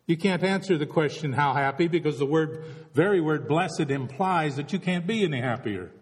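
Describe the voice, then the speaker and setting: A man's voice: a little high, expressive, normal speed, big-room sound. A man delivering a reflective sermon as a pastor, full of rhetorical questions.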